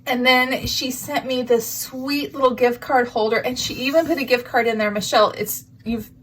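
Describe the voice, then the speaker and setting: A woman's voice: on the high side, steady tone, normal speed, slight background noise. A woman hosting a crafting vlog, gushing with emotion and near tears as she shows off handmade gifts to the camera. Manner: gushing, sentimental, breathy asides. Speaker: crafting channel host.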